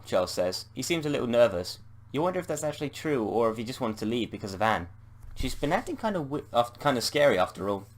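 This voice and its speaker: A man's voice: medium pitch, very animated, fast. A man with a British accent reading a text adventure game aloud as he plays, playful and swearing at his slip-ups. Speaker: gamer.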